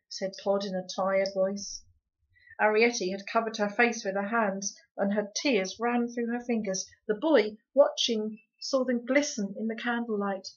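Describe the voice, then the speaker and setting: A woman calmly reading a children's novel aloud as the storyteller. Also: mid-range voice, unhurried. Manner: calm, even narration. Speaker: storybook reader. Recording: dull lo-fi recording.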